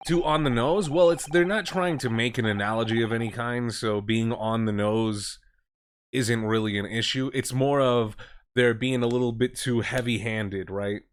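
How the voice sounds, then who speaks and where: A man's voice: medium pitch, moderate pace, clean tone. A man streaming a game, reading its lines aloud and commenting on the writing in a chatty, critical way.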